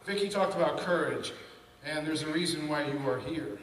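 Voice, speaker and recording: A man in his fifties giving an animated, conversational talk to an event audience, telling personal stories. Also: fairly high pitch, moderate pace, distant mic. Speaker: panel speaker. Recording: echoey hall from afar, faint noise.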